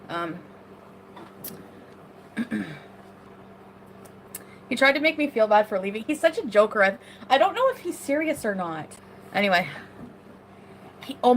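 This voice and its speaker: A woman's voice: medium pitch, a little hiss or hum. A woman ranting in a casual vlog clip, defiant and mocking, with a lot of swearing.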